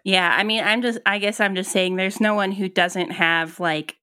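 A woman's voice: mid-range voice, steady tone, moderate pace, sharp tone, clear, resonant tone, no room sound, clean studio sound. A woman co-hosting a podcast, musing casually with many ums and restarts. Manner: thoughtful, hesitant, many ums and likes. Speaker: podcast co-host. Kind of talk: casual chat.

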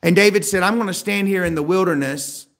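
High-voiced preacher, rhetorical and emphatic. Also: male voice, fairly quick. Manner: rhetorical questions, rising to emphatic peaks then dropping quiet. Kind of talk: sermon.

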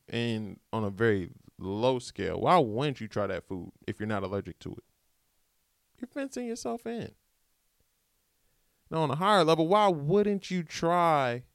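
A man's voice: medium pitch, clean tone, dry recording, studio quality. A man hosting a podcast, giving a casual, rambling motivational monologue in slangy American speech. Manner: animated, rambling, slangy pep talk. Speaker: podcast host.

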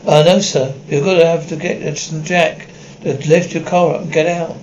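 Man reading a script, somewhat high voice. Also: little pitch movement, moderate pace, a little mellow, highs cut off, a little hiss or hum. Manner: reads the stage directions and every part in one plain voice, stumbling over words. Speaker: script reader. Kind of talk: reading an anime episode script aloud.

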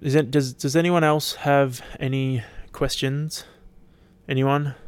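With a smooth, steady mid-range voice at a slow pace, an Australian podcast host rambles casually on his own show. He's laid-back, swears freely, and is tired and yawning. The audio has no echo.

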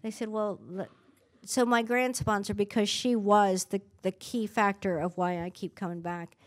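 A woman's voice: medium pitch, fairly even intonation, normal speed. A middle-aged woman giving a candid, self-mocking personal share at a recovery meeting, often restarting her sentences.

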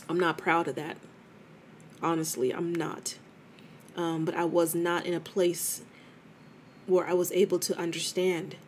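Candid woman host with a low voice. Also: a little hiss or hum. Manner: candid, conversational, addresses listener as girl. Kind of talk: casual confessional talk.

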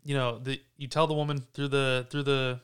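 A man hosts a relaxed podcast conversation, his voice clear and smooth at an ordinary pitch. He rambles through stories in a snarky, profane way, restarting his sentences as he goes. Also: moderate pace. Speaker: podcast host. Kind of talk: casual podcast chat.

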